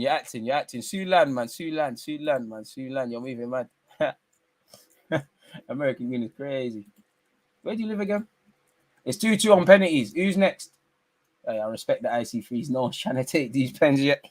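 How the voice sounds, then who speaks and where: A young man hosting a live football watch-along, talking in slangy banter that keeps jumping into excited outbursts as he teases the players. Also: mid-range voice, moderate pace, dry recording.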